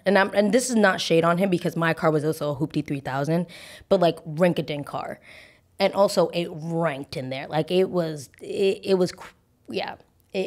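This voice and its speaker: A young woman hosting a podcast, telling a personal story in a chatty, animated way with lots of fillers and restarts. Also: on the low side. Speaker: podcast host. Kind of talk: casual storytelling.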